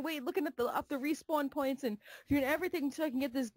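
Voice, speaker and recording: A young woman co-hosting a casual gaming talk show, animated, swearing freely, laughing often and packing her talk with fillers. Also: sits high, fast, few pauses, no room sound. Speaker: co-host.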